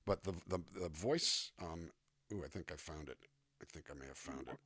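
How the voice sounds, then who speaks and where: Deep husky guy, voice actor chatting, dry close sound. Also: normal speed, no echo. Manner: animated, demonstrates line readings and accents. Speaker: guest voice actor and musician. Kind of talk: conversational interview.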